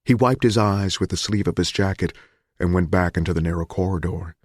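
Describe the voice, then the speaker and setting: A man reading a thriller audiobook in a measured, grim narration. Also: low-pitched, dry recording, clean studio sound.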